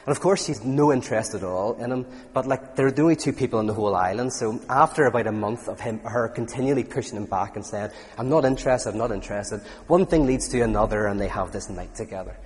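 A man's voice: medium pitch, quick pace, few pauses. A man giving an informal lecture to an audience, telling stories with lots of restarts. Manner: animated storytelling, frequent restarts. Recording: long reverb in a hall.

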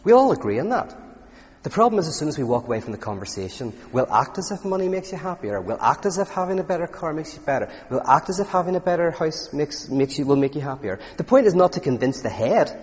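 A man's voice: fairly high pitch, sing-song, quick pace. A man giving a conversational talk on philosophy and faith, full of anecdotes, fillers and restarts. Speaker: speaker. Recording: reverberant hall.

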